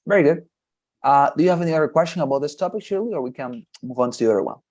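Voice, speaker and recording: A man's voice: on the high side, expressive, racing, darkish tone, lo-fi sound. A man teaching English in a one-on-one lesson, encouraging and patient, often repeating praise.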